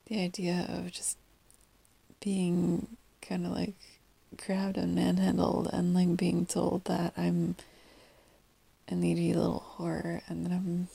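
A young woman with a groggy morning voice, talking in a hushed, halting whisper into a close mic, with many pauses and soft laughs. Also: on the low side, monotone, gravelly, slightly rough. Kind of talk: whispered intimate monologue.

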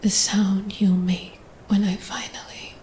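A hushed, breathless whispered role-play of a tormented veiled man, voiced by a woman. He speaks in a low, flat murmur that barely rises or falls, strained and on the edge of breaking. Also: unhurried, lightly acted. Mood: strained desperate. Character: tormented veiled gloved man, desperate and restrained.

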